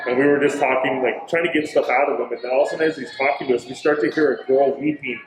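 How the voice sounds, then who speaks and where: A man's voice: medium pitch, rapid-fire, roomy sound, noisy background. A man, a hotel manager, telling a ghost story in casual chat, acting out what people said and saying bro and dude. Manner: animated, acts out quotes, says bro and dude.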